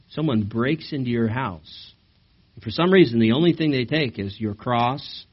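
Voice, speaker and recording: Brief: male pastor, mid-pitched, animated sermon with questions to the congregation, slightly dull recording. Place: church service.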